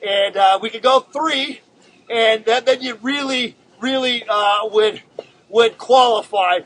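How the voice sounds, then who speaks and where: A man hosting a casual live-streamed drawing show, chatting to viewers in a laid-back, rambling way with many halting filler words. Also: very high voice, a bit bright, low-quality recording.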